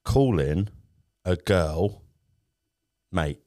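Young english guy on a podcast, deep voice, swears loads, laughs while telling stories, dry close sound. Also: very slow, no room sound. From England. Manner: sweary, laughs a lot, animated storytelling. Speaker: podcast co-host. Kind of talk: casual banter.

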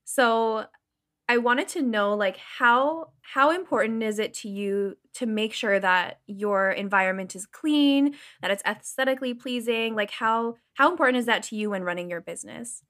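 A woman's voice: fairly high pitch, normal speed, a bit bright. A woman interviewing a guest in an enthusiastic, encouraging way. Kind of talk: interview questions.

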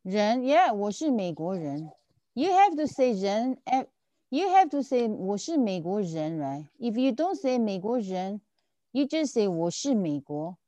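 A woman's voice: medium pitch, sing-song, measured pace, mellow, dry recording. A woman teaching a language lesson, patiently repeating and checking that her students follow. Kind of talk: online tutoring lesson.

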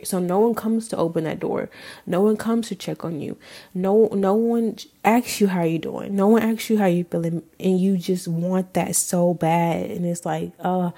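A woman's voice: mid-range voice, mellow. A woman in her twenties hosting a podcast, telling her own story in a candid, emotional way with casual swearing. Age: 20s. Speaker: podcast host. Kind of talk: personal storytelling monologue.

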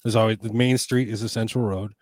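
A man's voice: lowish voice, flat delivery, fast, a little mellow, no room sound. A man, swearing and stumbling through casual podcast chat. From United States. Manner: crude, swearing, stumbling restarts.

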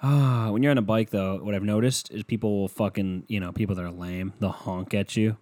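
Man, low-pitched, young adult, profane, rambling, self-mocking podcast host, headset mic, dry sound. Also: steady tone, brisk, mellow, dry recording. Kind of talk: casual solo podcast rant.

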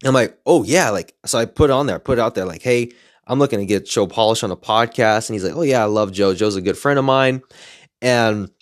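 A man casually telling a story as a podcaster, excited and animated, acting out what people said. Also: fairly low pitch, fairly quick, no room sound, studio quality. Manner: excited, animated retelling with quoted voices.

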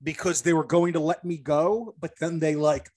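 Young male podcast co-host, somewhat high voice, rambling and animated, casual storyteller. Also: normal speed. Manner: animated, rambling with many fillers and restarts.

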